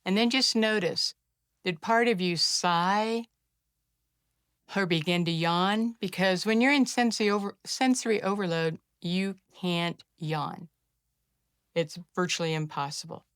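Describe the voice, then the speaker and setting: Gentle, smooth-voiced woman guiding a calm reset. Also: fairly low pitch, dry recording, studio quality. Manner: calm, gentle and encouraging, slowing to a soft hush during the breathing steps. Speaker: wellness practitioner teaching a self-care technique. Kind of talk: guided instruction to camera.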